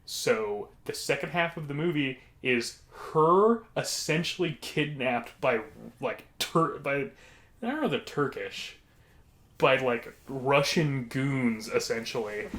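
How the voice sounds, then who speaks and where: A man's voice: medium pitch, slow pace, a bit bright. A man co-hosting a podcast, telling casual stories in a rambling way full of fillers. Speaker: podcast co-host. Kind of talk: casual storytelling.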